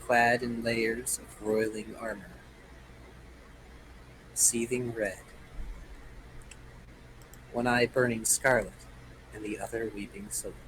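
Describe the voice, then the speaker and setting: On a low-quality recording with slight background noise, a game master narrates his tabletop role-playing story dramatically and jokes with the players. His lowish voice is a bit bright, his delivery flat and slow with long pauses.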